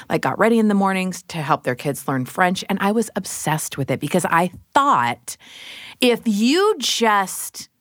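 A woman's voice: low-pitched, no echo, clean studio sound. A middle-aged woman hosting a podcast, chatting casually and laughing at herself. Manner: chatty, self-deprecating, laughs easily. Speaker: podcast host. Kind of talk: casual chat.

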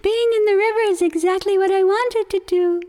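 A woman voicing a tiny lost young male turtle who is tearful but stubborn, with a high, wailing, pleading voice. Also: steady tone, normal speed, dark tone. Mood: defiant. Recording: long hall reverb.

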